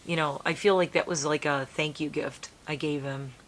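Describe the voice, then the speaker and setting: A woman's voice: low voice, steady tone, moderate pace, a little hiss or hum. A middle-aged woman vlogging in a casual, emotional, rambling way, sometimes dropping to a near whisper. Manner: rambling, emotional, soft-spoken with laughs. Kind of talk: casual chat to camera.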